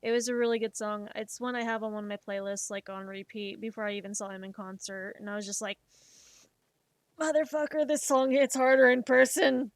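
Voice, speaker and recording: A woman streamer chatting casually while she makes art, swearing freely and retelling things in an animated, emotional way. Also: medium pitch, fast talker, few pauses, dry recording. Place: home streaming setup.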